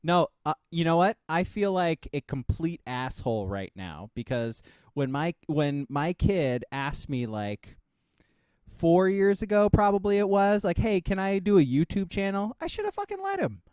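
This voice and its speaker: A middle-aged man co-hosting a podcast in casual chat, animated, laughing often and swearing freely. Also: a little high, unhurried, clean tone, no room sound, studio quality. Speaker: podcast co-host.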